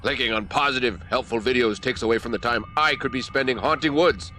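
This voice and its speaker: A man voicing a scheming, smug male forest overlord spirit in a slow, mock-sinister comedic monologue. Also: mid-range voice, bright, forceful tone, soft background music, lightly acted. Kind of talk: comedic sponsor-style skit.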